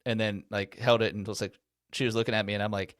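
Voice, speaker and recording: A man's voice: lowish voice, flat delivery, fast talker, no room sound, clean studio sound. A man who is a podcast guest in a casual chat, telling a story with self-deprecating humor. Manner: self-deprecating, laughs at himself.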